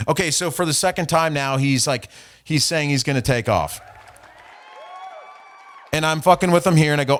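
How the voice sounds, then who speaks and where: A man's voice: on the high side, normal speed, pauses often, fairly bright tone. A man hosting a podcast, casually recounting an online argument in a profane, trolling way and reading messages aloud. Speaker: podcast host. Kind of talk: casual storytelling.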